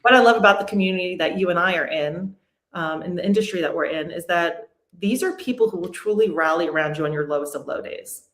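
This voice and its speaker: A woman in her forties, appearing as a podcast guest, tells a painful personal story candidly and steadily, even through the hard memories. She talks fast in a lowish voice, with a roomy echo on the recording.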